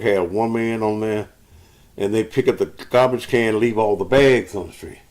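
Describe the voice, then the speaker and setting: Speaking live to viewers, a middle-aged host tells profane, rambling stories in a loose way while short of breath. His voice runs fairly low with a somewhat dark tone.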